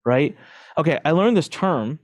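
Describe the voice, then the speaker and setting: This man's voice runs on the high side, captured in a studio with no echo. Appearing as a podcast guest, he shares candid, self-deprecating stories with lively energy, laughing and joking often, tossing in quick asides, fillers and false starts.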